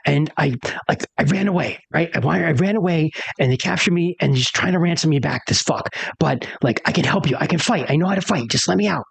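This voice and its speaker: A man's voice: on the high side, brisk, creaky, hardly any pauses, husky, no room sound, full character voice. A man voicing a young runaway noblewoman held prisoner, who is urgent, pleading and foul-mouthed.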